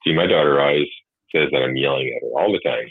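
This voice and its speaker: A man with a very deep, husky voice chats in a measured, reflective manner, sometimes flat and mumbling. The sound is dry and thin, like a phone line. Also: no room sound. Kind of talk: casual chat.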